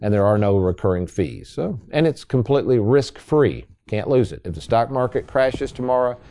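A man's voice: mid-range voice, lively intonation, normal speed, mellow. A man hosting a radio talk show as a financial advisor, folksy and salesy, speaking to listeners as folks.

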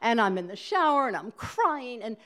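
A middle-aged woman telling a personal story to a live audience, halting and laughing as she goes. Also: on the high side, very animated, a bit bright. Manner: halting, self-interrupting, laughing through the telling. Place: small hall before a live audience.

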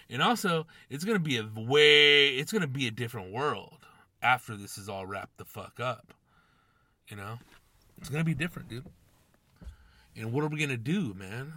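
This podcast host is a young man with a medium-pitched, sharp-toned voice in a dry recording. He rambles through a casual monologue full of profanity and slang, tossing in "dude" and "man" constantly.

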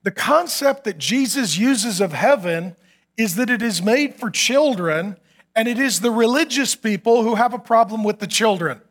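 A middle-aged man preaching a sermon as a pastor, telling stories with animated acted quotes and humor. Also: high voice, moderate pace.

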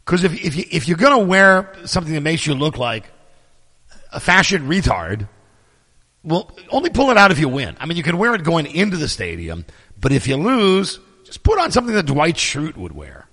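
A middle-aged man hosting his podcast, telling stories in a sarcastic, profane, animated casual monologue. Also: a little high, moderate pace, husky, big-room sound. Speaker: podcast host.

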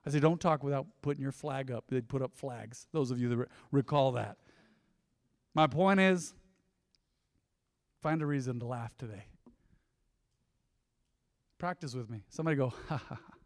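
A middle-aged man preaching a lively sermon, swinging between loud exhortation and soft asides. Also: medium pitch, normal speed, long pauses. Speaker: pastor. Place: church sanctuary. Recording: church hall reverb.

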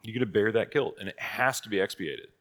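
Casual, low-voiced man teaching catechism. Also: expressive, fast, fairly bright tone. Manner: casual, rhetorical questions, frequent "right?" and "like"; laughs at his own asides. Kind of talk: conversational church teaching.

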